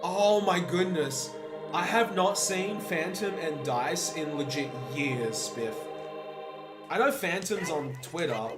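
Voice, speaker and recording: A man's voice: fairly high pitch, animated, slow pace. Chatty young man over game music. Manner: upbeat, chatty, reminiscing with bursts of laughter. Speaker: speedrunner streaming live. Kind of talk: casual chat with viewers while playing.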